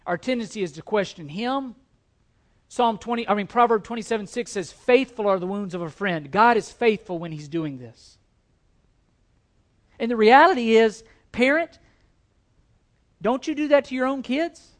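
Male pastor, sermon delivery: emphatic, repetitive, loud stresses and quiet drops, some stumbles. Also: very high-pitched, expressive, normal speed, pauses often. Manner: stumbles and repeats words at times.

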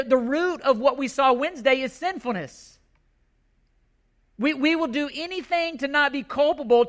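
A man's voice: extremely high pitch, sharp tone. A male pastor preaching a sermon, impassioned and emphatic, repeating his key points.

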